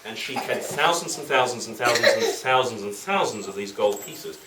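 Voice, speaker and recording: A playful man tells a legend to a group of children and keeps asking them questions. His pitch leaps and dips constantly. He is recorded from a distance in a reverberant room with faint background noise. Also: expressive, moderate pace. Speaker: storyteller to children. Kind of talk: lively storytelling for children.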